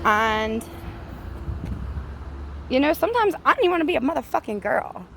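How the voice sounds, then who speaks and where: A woman's voice: sits high, sing-song, normal speed, gravelly, pushed and bright, slight background noise. A woman giving a blunt, profane, ranting monologue while walking outdoors, with frequent laughs, recorded on a handheld phone. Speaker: vlogger. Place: outdoors, walking near traffic.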